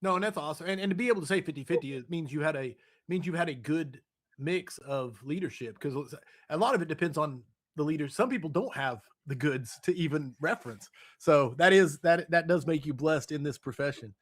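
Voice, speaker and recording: A man's voice: fairly high pitch, brisk. A man hosting a podcast, enthusiastic and casual, reading out listener questions while getting over an illness. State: recovering from illness. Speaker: podcast host.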